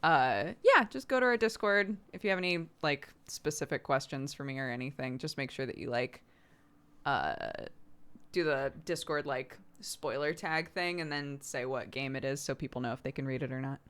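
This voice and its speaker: A woman's voice: rumbling low, moderate pace, fairly bright tone, smooth. A woman streaming from home, chatting casually with lots of "like" fillers and frequent laughs. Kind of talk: casual chat.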